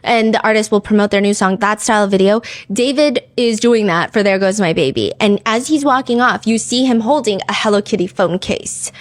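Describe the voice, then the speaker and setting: A woman's voice: mid-range voice, a little fast, hardly any pauses. A woman hosting a podcast, telling a true-crime story in a casual, chatty way, full of "like" and "you know.". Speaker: podcast host.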